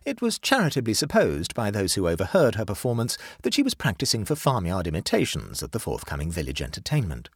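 A man narrating a classic short story aloud in an expressive, measured way. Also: on the low side, slightly rough, dry recording, studio quality.

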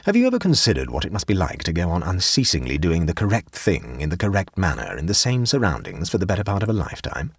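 A sly young gentleman who delivers mischief with a straight face, in a deep, husky voice, as a man reads his part. His delivery is measured and arch but rises and falls widely. He sounds like a character in a read-aloud storybook, recorded dry and close. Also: wildly swooping pitch, no room sound, exaggerated voice. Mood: grave. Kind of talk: audiobook character voice.

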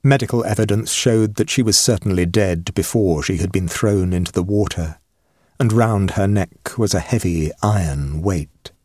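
A man narrating a ghost story in an expressive audiobook reading. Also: low voice, moderate pace, slight background noise.

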